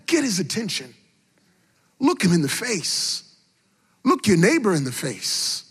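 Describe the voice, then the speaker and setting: A middle-aged male preacher with a fairly high, slightly husky voice delivers a sermon. He swings from hushed storytelling to fervent, almost sung exhortation and hammers his key phrases by repeating them. The sound carries a long hall reverb. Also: huge pitch swings, measured pace, long pauses.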